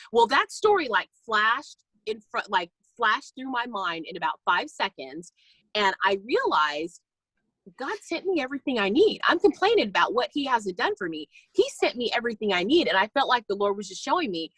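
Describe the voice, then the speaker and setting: A woman on a team call, telling a personal faith story in a chatty, animated way and acting out the voices in her anecdotes. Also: on the high side, moderate pace, husky, no room sound, rough recording. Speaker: guest speaker on a team call. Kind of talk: personal testimony, casual storytelling. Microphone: call recording.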